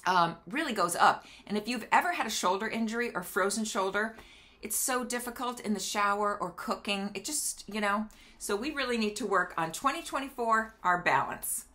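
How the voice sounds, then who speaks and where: Bright chatty woman demonstrating balance exercises. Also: medium pitch. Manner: chatty, instructive, counts aloud during exercises. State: slightly out of breath. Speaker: doctor and video host. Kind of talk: casual health demo vlog. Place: home kitchen near a counter.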